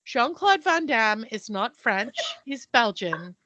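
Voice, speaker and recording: A woman's voice: on the high side, very animated, takes it slowly, pushed and bright, no room sound, lo-fi sound. A woman in her fifties co-hosting a podcast, chatting animatedly and swearing casually. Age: 50s. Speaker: podcast co-host. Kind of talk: casual chat.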